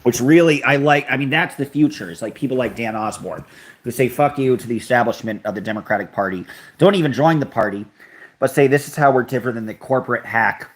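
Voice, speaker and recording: A young man hosting a live stream, chatting casually and reacting to viewer comments with offhand sarcasm. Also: mid-range voice. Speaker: livestream host reading chat. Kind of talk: casual livestream chat.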